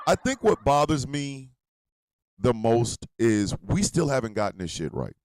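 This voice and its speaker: A man hosting a radio show, ranting loudly and profanely, swinging between shouting and low muttering. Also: sing-song, measured pace, dry recording. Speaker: host. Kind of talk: ranting commentary.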